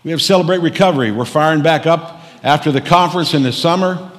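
A man's voice: a little high, quick pace. A middle-aged man preaching a sermon as pastor, telling stories in a folksy, joking way. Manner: folksy storytelling with jokes. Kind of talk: humorous sermon. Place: church sanctuary. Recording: long reverb of a church hall.

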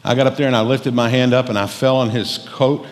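In a church sanctuary, with the long reverb of a church hall, a middle-aged pastor preaches a humorous sermon full of folksy stories and jokes. His medium-pitched voice is fairly quick with fairly even intonation.

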